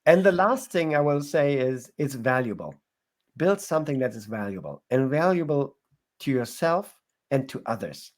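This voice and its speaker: A guest entrepreneur offers advice in a casual interview, his sentences often restarting as he gropes for words. He speaks at a normal speed in a medium-pitched voice with lively intonation.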